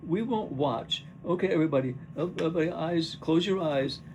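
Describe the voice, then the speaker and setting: A man's voice: fairly high pitch, brisk, background noise, pitched above the performer's own voice, lightly acted. A man reading the part of a cheerful, coaxing woman who runs a pantomime, at a play rehearsal. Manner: encouraging, playful, sing-song. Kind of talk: rehearsal read-through.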